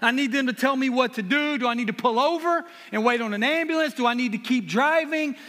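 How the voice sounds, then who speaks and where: His voice is extremely high-pitched and sharp, and he talks a little fast as a guest preacher from South Carolina. He tells heartfelt personal stories laced with self-mocking humor, echoing through a reverberant hall.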